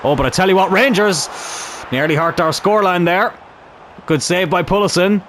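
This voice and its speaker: A young man commentating on his own football video game in a chatty, animated way, swearing mildly as he plays. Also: high voice, moderate pace, slight background noise. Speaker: gaming YouTuber.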